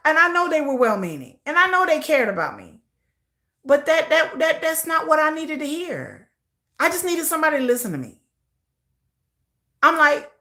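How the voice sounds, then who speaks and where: A fairly high-voiced, middle-aged woman speaks off the cuff on a livestream. She sounds close to tears and talks in a heartfelt, repeating way, pressing her points with frustration. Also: very animated, moderate pace, pushed and bright. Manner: heartfelt, repetitive, building to frustration. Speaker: livestream host. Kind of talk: emotional casual commentary.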